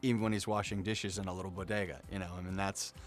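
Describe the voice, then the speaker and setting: A man's voice: sits low, little pitch movement, quick pace. A man, a voice actor, reflecting thoughtfully in an interview.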